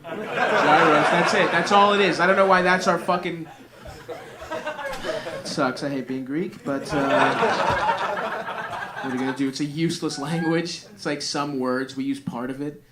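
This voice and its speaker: A man's voice: a little high, steady tone, unhurried, long pauses. A man co-hosting a live comedy podcast, rambling in profane, laughing riffs. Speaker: comedian co-host. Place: live show stage. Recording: live show with crowd noise. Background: audience laughter.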